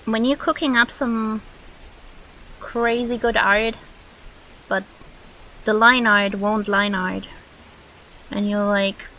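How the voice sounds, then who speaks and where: Chatty young woman streamer, slow-talking. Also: medium pitch, fairly even intonation, bright, forceful tone, slight background noise, rough recording. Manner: chatty, swears freely, reacts to chat. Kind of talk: casual live-stream chat while drawing.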